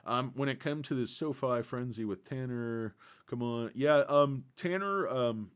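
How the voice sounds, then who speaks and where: A man's voice: mid-range voice, a little slow, smooth. Rambling, foul-mouthed male streamer. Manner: rambling, profane, digressive. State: tired. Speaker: livestream host. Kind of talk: casual livestream chat.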